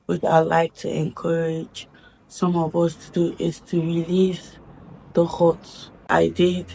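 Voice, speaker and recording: A woman's voice: fairly low pitch, monotone, measured pace, gravelly, darkish tone, faint music behind. A woman speaking in a heartfelt personal vlog, earnest and reflective, repeating phrases for emphasis. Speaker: vlogger.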